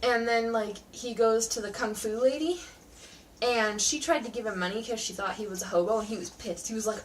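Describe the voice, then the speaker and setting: A woman's voice: a little high, fairly quick. A woman giving a casual, sarcastic spoken review of a TV show from home, talking in a chatty way full of "like". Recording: distant from the mic, faint background noise.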